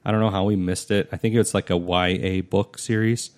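A man's voice: sits low, steady tone, brisk, darkish tone. A man co-hosting a podcast, chatting casually with frequent fillers and a skeptical streak. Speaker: podcast co-host. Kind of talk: casual chat.

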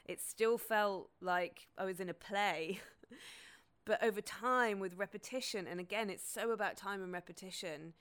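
A woman's voice: medium pitch, normal speed, fairly bright tone, clear, resonant tone. A woman, hosting a podcast in a candid, casual, sweary monologue. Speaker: podcast host.

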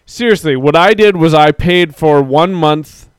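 A man's voice: on the high side, measured pace, clear, resonant tone, dry recording. A man hosting a live stream, chatting casually and rambling as he reads out viewers' comments. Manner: rambling, talks to chat viewers, mock-quotes people. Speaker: podcast host.

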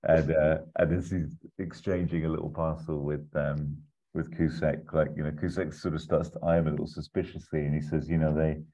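A man chatting casually as a podcast co-host, rambling through a pitch with lots of fillers and chuckles. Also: level tone, brisk, mellow, breathy edge. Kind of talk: casual chat. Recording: slightly muffled recording.

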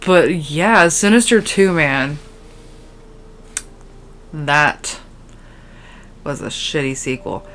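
Tired, rambling low-voiced woman. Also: vocal fry, a bit bright, slight background noise. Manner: rambling, scatterbrained, valley-girl fillers. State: sleep-deprived, tired. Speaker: podcast host. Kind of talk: casual solo podcast chat. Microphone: podcast microphone.

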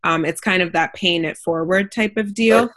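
Low-voiced woman hosting a podcast interview. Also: normal speed, fairly bright tone. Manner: thoughtful, long winding questions with many fillers. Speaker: podcast host. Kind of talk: interview questions, casual.

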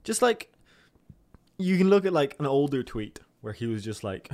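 A man's voice: medium pitch, big pitch swings, fairly quick, darkish tone, dry recording, studio quality. A young man giving a casual, sarcastic commentary monologue, rambling and mocking people in put-on voices.

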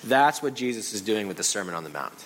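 A male pastor preaching a sermon in an animated way, acting out other people's voices and reactions. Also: on the low side, quick pace, rough recording.

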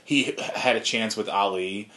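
Male podcast co-host, thirties, low voice, loose profane banter. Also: a little slow, pushed and bright. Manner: loose, profane, laughs often. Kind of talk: casual chat.

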